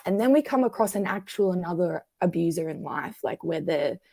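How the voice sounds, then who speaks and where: A woman's voice: fairly low pitch, fairly quick, gravelly, no echo. A woman therapist in a conversational podcast, explaining patterns and acting out what people say. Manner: acts out quoted voices, animated.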